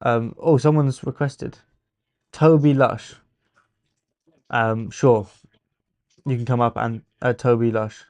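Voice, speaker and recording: A young man with an English accent hosting a casual football watchalong stream, teasing viewers and thinking out loud. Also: mid-range voice, fairly even intonation, takes it slowly, long pauses, no echo.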